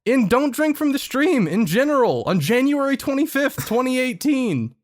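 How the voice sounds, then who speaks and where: A man's voice: very high-pitched, very animated, normal speed. A man co-hosting a casual comedy podcast, sarcastic and exasperated, swearing a lot. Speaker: podcast co-host.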